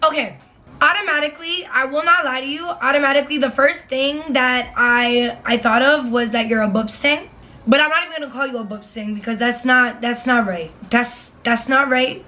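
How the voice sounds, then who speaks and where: A woman's voice: high voice, moderate pace, sharp tone. A young woman giving blunt, emphatic relationship advice in a casual vlog, repeating her points and swearing freely. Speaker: advice vlogger.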